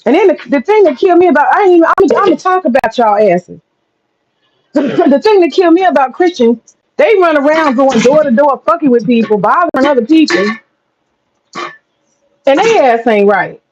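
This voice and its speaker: A woman's voice: high-pitched, animated, moderate pace, long pauses. A woman streaming live, ranting bluntly and profanely to her chat and breaking into laughter often. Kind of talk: casual livestream rant to chat. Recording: dull lo-fi sound with faint noise.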